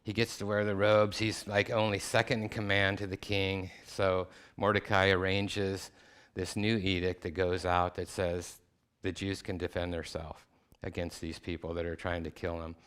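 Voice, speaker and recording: Guest preacher, male, deep and clear-toned; casual storytelling sermon with laid-back, slangy phrasing. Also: flat delivery, moderate pace, a bit bright. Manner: retells scripture in everyday slang. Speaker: guest speaker. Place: chapel.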